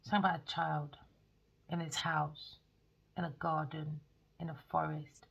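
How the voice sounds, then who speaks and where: A woman giving a spoken tarot reading, blunt and excitable, swearing freely. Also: low-pitched, normal speed, creaky, slightly rough, poor audio. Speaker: tarot reader.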